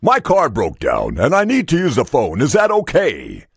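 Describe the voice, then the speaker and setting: A man's voice: medium pitch, wildly swooping pitch, moderate pace, gravelly, husky, heavily acted. A man voicing an exasperated traveling salesman who keeps insisting, raising his voice. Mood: insistent.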